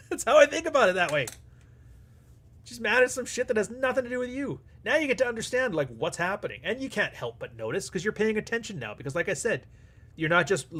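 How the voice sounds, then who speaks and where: This livestream host has a bright, husky voice pitched a little high and a forceful tone. He responds to super chats in a casual, blunt way, full of profanity and acted-out exchanges.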